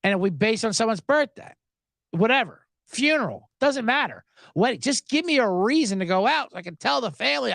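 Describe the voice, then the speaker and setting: At normal speed and with a creaky voice, a Los Angeles podcast host leads a live sports show in clean studio sound without room noise. He rants casually with sarcasm and animation, frequently mimicking people in a high, raised voice.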